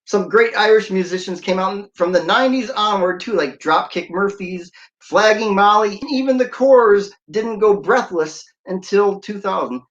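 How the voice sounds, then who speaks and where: A man's voice: high voice, normal speed, fairly bright tone. A man chatting as a DJ on a livestream, playful and full of corny jokes. His voice comes through slightly dull, lo-fi audio from a home stream. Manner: jokey, playful, breaks into sung snippets and laughs. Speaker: radio DJ and livestream host. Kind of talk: casual livestream chat.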